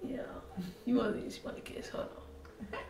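A woman's voice: moderate pace, noisy background. A young woman co-hosting a couple's channel, chatting casually in a playful, teasing, slangy way. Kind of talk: casual chat. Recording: echoey room, mic at a distance, music behind.

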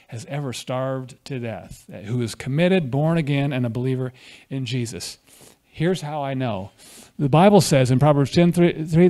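A man with a slightly high voice and a dark tone preaches a conversational sermon at a church fellowship, frequently putting questions to the congregation.

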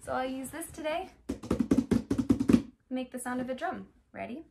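A young woman leads a toddler music class in a high, bright-pitched voice. She speaks slowly and gently, playful and encouraging. She keeps asking the little ones questions. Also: expressive, creaky. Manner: gentle, playful, talks straight to small children with many questions. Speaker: children's music teacher.

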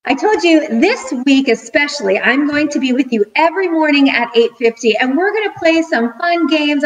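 A middle-aged woman teacher giving a cheerful video lesson to young children, counting out rhythms slowly and clearly. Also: high-pitched, poor audio. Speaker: school teacher.

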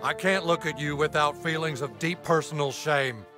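A man voicing a gloomy, ashamed boy speaking slowly in a video game. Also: a little high, natural voice. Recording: game audio over loud music.

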